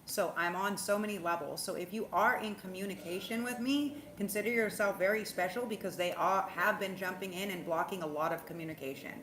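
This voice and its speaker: A woman hosting a spiritual livestream in casual chat, rambling and animated, swearing freely and laughing often. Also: medium pitch, fairly quick, few pauses. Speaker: spiritual livestream host, tarot reader. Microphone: phone. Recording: roomy echo, faint background hum.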